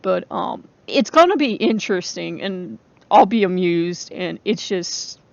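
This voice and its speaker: A woman's voice: on the low side, animated, a little slow, vocal fry, dry recording, muffled recording. A woman hosting a casual vlog monologue who rambles with many fillers and frequent laughs. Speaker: channel host.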